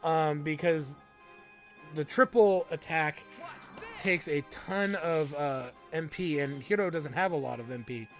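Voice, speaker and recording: Man, let's play host, casual commentary, gravelly, slightly high. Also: unhurried, soft background music. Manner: casual, crude jokes, many ums. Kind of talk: gameplay commentary.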